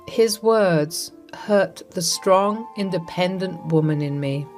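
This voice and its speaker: A woman reading a first-person story with a dramatic, expressive delivery. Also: medium pitch. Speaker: story narrator. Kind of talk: first-person scripted narration. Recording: narration over soft music.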